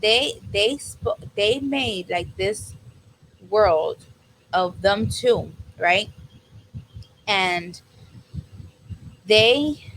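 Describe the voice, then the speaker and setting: Fields: Sex: woman. Role: podcast co-host. Style: emotional casual chat. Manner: animated, acts out quoted dialogue. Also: medium pitch, drawn-out words, long pauses, a little hiss or hum, rough recording.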